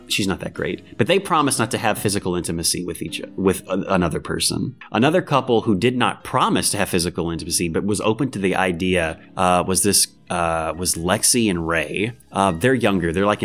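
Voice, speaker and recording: A young man with a low voice hosts a casual podcast chat. His pitch swings widely as he tells the story, and he often pops into high voices to quote people. Soft guitar music plays faintly underneath. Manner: animated, jumps into high-pitched voices when quoting people. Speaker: podcast host. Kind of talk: casual chat recapping a TV show.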